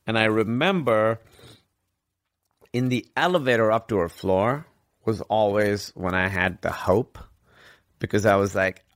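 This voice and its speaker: A man guest in an interview, telling a personal story in an earnest, reflective way with halting restarts. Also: lowish voice, no room sound, clean studio sound.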